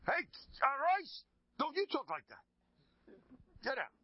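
A man voicing a male synagogue attendant who scolds in sharp, chiding outbursts during a told story. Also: extremely high pitch, huge pitch swings, slow, pitched above the performer's own voice, heavily acted. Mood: scolding. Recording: dull lo-fi recording.

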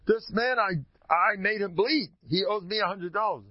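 A brazen townsman bullies and insists, as a man puts him on, his voice raised and loud. Husky, with a lo-fi, muffled sound. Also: sits high, moderate pace, dry recording, pitched above the performer's own voice. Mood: pushy. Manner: pushy, insistent demands.

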